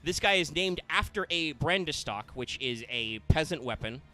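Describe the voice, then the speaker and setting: A man's voice: a little high, lively intonation, moderate pace, sharp tone, soft background music. A man hosting a casual gaming stream, rambling and joking as he reads card stats aloud. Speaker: stream host going over cards.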